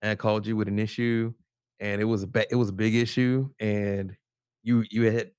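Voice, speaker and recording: A man's voice: lowish voice, little pitch movement, fairly quick, darkish tone, clean tone, dry recording, clean studio sound. Enthusiastic man cheering on his co-host. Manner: enthusiastic affirmations, storytelling. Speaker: podcast co-host. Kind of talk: casual faith podcast chat.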